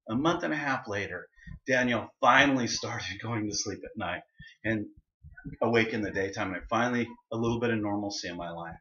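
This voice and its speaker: A man's voice: on the low side, fairly quick, a bit bright. A middle-aged man giving a personal speech to an audience, telling a story and acting out the voices he quotes. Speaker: speaker. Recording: dull, roomy hall recording.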